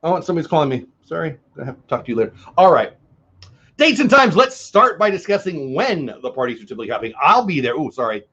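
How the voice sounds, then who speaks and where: A middle-aged man hosts a casual news chat show, mixing self-mocking jokes with articles he reads aloud. His voice sits a touch high and swings widely in pitch. The sound is slightly dull and lo-fi. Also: sing-song, fast talker, fairly bright tone, slightly rough. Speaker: host.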